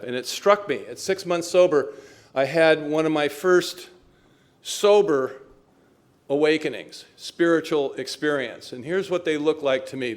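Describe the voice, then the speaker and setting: A middle-aged man speaking at a recovery meeting, telling his own story with candid, self-mocking humor and frequent chuckles. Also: mid-range voice.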